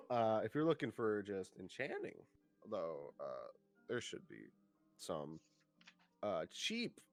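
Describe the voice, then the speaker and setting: A man narrating as game master, casual and halting with lots of fillers. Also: on the low side, huge pitch swings, vocal fry, soft background music. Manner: casual, many fillers and pauses.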